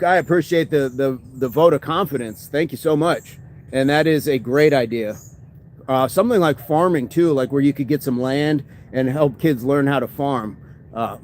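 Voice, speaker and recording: A man's voice: medium pitch, darkish tone, a little hiss or hum. A man hosting a fitness livestream, chatting casually and answering viewer comments, often agreeing with "absolutely".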